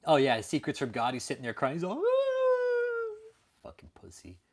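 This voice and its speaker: A man's voice: medium pitch, sing-song, fast, breathy edge. A man hosting a late-night livestream, ranting profanely and answering viewers in chat. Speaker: livestream host.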